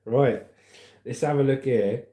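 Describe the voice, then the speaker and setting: A chatty man hosts a casual livestream, joking his way through viewer comments and news. His voice is mellow and dark, and it sits at a middling pitch. The sound bounces around an echoey room. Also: unhurried. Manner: chatty and cheeky, laughing at his own jokes. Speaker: livestream host.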